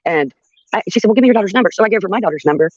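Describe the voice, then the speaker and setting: A woman's voice: mid-range voice, expressive, rapid-fire, dry recording, highs cut off. An older woman telling a story on her livestream in a blunt, profane way, with laughs between her sentences. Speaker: livestream host. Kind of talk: casual storytelling.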